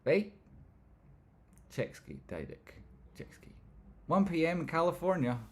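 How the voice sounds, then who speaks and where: In a fairly high, sing-song voice, this male livestream host keeps things casual, cracking jokes, reading out viewer comments, and rambling as he hops between banter and market talk.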